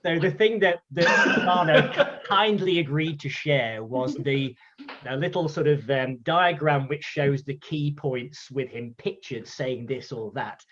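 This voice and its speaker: A man's voice: on the high side, a little slow, lo-fi sound. Chatty British man telling a story. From United Kingdom. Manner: chatty, animated, acts out voices in quotes. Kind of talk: casual storytelling talk.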